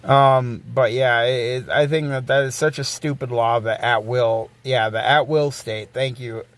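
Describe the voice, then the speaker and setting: A man's voice: mid-range voice, fairly even intonation, a little slow, few pauses. A man hosting a casual livestream, rambling and swearing freely as he reads and answers chat messages aloud. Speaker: livestream host.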